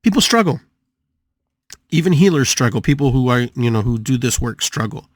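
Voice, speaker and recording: This older podcast host, who is also a spiritual healer, gives a lively motivational talk on his spiritual show, full of abrupt pitch leaps and drawn-out, playful word repetition. The audio is studio quality with no echo.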